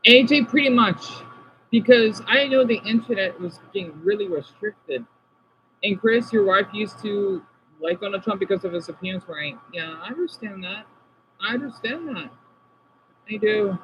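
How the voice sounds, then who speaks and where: A man from the United States talks with his livestream chat, calling out viewers by name and apologizing often. His voice sits high for a man. A faint background hum runs under the recording. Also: expressive, normal speed, muffled recording. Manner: chatty, responds to viewers by name, apologetic asides. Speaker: livestream host reading chat.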